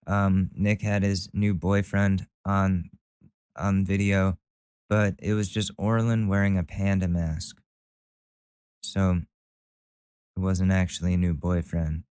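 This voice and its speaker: A man's voice: deep voice, level tone, slow, long pauses, a little mellow, clean tone, no room sound. Wry man hosting a commentary show. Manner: wry, incredulous reactions. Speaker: host. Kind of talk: casual commentary.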